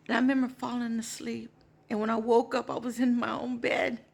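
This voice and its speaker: A woman's voice: a little high, level tone, a little fast, creaky, a little mellow. A woman in her sixties telling a personal testimony in an emotional, heartfelt way. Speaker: storyteller giving a testimony.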